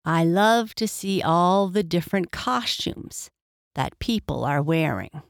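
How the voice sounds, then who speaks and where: Woman reading a children's story, slow pace, lively expressive pitch, faint music behind. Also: gravelly, smooth, no room sound, studio quality. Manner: gentle, expressive, rhyming read-aloud. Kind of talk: children's story read-aloud.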